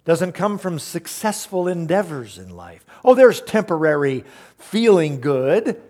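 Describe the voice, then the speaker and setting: A man's voice: a little high, big pitch swings, unhurried, a little mellow. A man preaching a sermon, emphatic, asking the congregation rhetorical questions and explaining verses. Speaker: pastor.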